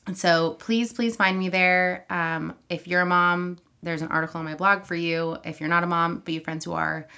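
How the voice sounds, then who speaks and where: Woman, podcast guest, lowish voice, lots of fry, bright tone, friendly, self-deprecating. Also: fairly even intonation, moderate pace. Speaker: podcast guest, therapist and blogger. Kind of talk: casual podcast chat. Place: child's bedroom, seated on floor.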